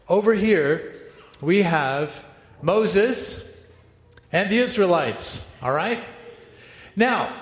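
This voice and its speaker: Playful guy pastor directing the crowd at church, slightly high voice, roomy echo. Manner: upbeat, playful, directing the congregation. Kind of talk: interactive children's Bible story in church. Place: large church hall. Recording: echoey hall, long reverb.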